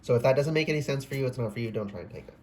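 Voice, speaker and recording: A man's voice: medium pitch, rapid-fire, a little mellow. A man giving a casual, rambling tarot reading, often breaking off mid-sentence, swearing and exclaiming. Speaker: tarot reader.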